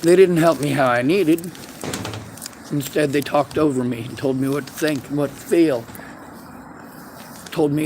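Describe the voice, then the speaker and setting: A man's voice: fairly high pitch, measured pace, long pauses, darkish tone, slight background noise. A man delivering an angry monologue to camera, bitter and heavy with profanity. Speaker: vlogger.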